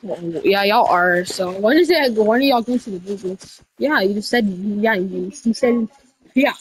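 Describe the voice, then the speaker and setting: A woman doing casual game role-play over voice chat, rambling with restarts and breaking into sudden high shouts. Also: moderate pace, a little hiss or hum, rough recording. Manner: rambling, with many restarts and y'all. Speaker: roleplayer running a candy store character.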